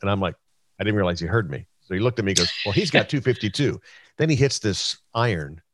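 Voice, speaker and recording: A man's voice: low voice, lively intonation, fast talker, a bit bright, no room sound, clean studio sound. A middle-aged man hosting a golf chat show, telling a long story with quoted voices and plenty of fillers. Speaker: host.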